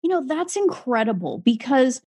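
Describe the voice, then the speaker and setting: An effusive woman hosts the interview, with a somewhat high voice. She reacts with lots of exclamations and recaps her guest's story. The sound is dry and close. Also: big pitch swings, moderate pace, a little mellow, husky, no echo. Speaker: podcast host. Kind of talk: conversational interview.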